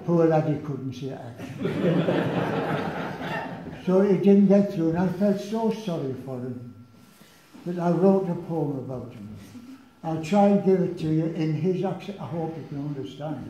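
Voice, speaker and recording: A man in his nineties telling wartime anecdotes to a local group, with dry humour and frequent pauses. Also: fairly high pitch, heavy background noise. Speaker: war veteran giving a talk. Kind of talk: storytelling talk to a local group. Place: village hall. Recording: echoey hall, dull lo-fi sound.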